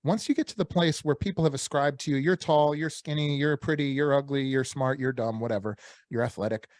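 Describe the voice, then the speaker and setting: A man's voice: medium pitch, fairly quick, a little mellow, no echo, studio quality. A man hosting a podcast, reflecting aloud and asking questions, often with "um" and "uh". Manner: reflective, thinks aloud with fillers. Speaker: podcast host. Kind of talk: interview questions.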